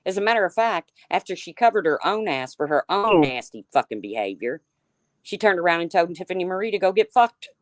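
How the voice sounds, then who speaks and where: A woman's voice: on the low side, very animated, a little fast, no echo, studio quality. A woman hosting a livestream, ranting heatedly with lots of swearing and calling out chat viewers by name. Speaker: livestream host.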